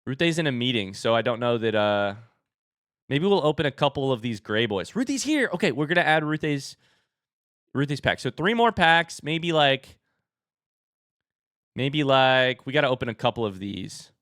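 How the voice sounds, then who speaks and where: A young man live-streaming as he opens card packs and chats with viewers, turning excitable and hyping each reveal. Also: moderate pace, no echo, studio quality. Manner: excitable, bursts into high shouts; hype commentary.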